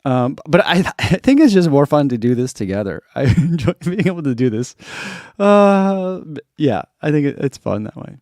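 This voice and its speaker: On his live stream, the middle-aged host of a running channel reads out viewer comments and chuckles a lot in an easygoing manner. His fairly high, slightly mellow voice has a sing-song lilt and a moderate pace, recorded in studio quality with no echo.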